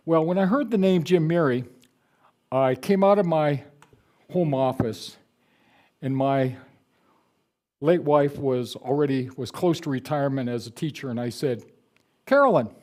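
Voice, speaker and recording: A man's voice: mid-range voice, mellow. An older man, an author, giving a public book talk to a live audience in a conversational, digressive storytelling way.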